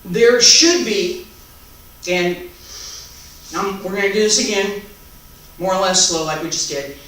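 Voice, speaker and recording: Slow calm guy counting thru taiji moves, faint hiss, sounds far off. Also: high-pitched. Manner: calm, unhurried step-by-step cueing and counting. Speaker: taiji instructor. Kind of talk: live online movement class. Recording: very echoey room, mic far off, faint background noise.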